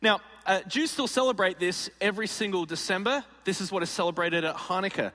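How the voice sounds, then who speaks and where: Bright, high-voiced male preacher. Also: brisk, in a large hall. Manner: animated and jokey, acts out scenes. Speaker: pastor. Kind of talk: sermon.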